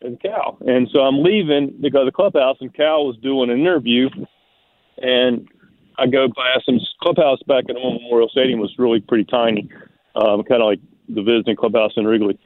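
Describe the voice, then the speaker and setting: A man's voice: medium pitch, fairly quick, no echo. Male guest on a phone line, rambling anecdote style, fillers and restarts. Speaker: baseball manager as guest. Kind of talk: casual storytelling on a call-in. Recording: tinny phone line, dry.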